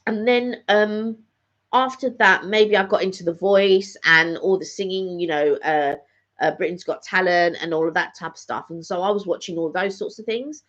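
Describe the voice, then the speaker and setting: The middle-aged woman speaks at normal speed in a fairly low voice with a fairly bright tone. Hosting a live catch-up, she rambles casually and repeats phrases often, and the recording is dull and lo-fi.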